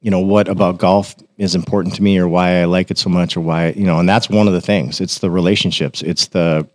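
A man's voice: low-pitched, a little fast, no room sound. A man telling casual stories as a podcast guest, acting out what others said in a raised voice. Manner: animated, acts out quotes in a raised voice. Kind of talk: casual storytelling.

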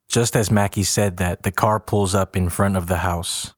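A man narrating a story in a plain, steady way. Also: low voice, moderate pace, few pauses, no echo, studio quality.

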